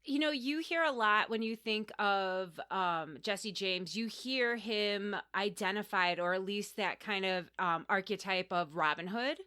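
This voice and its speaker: Bright, playful woman podcast co-host. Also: mid-range voice, unhurried, few pauses, smooth. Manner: playful, jokey, chatty asides. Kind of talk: casual podcast chat.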